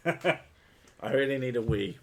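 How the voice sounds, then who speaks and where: A man's voice: mid-range voice, lively intonation, slow, a little hiss or hum. A man chatting crudely on a stream. He jokes constantly and swears freely, laughing at his own lines. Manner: profane, jokey, laughs often. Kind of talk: crude casual chat.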